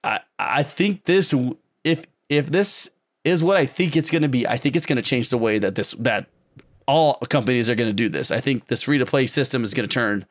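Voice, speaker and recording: Man, gaming co-host, casual chat, excitable and rambling, mid-range pitch. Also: fairly quick. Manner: excitable and rambling, laughs often. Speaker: co-host of a gaming stream show.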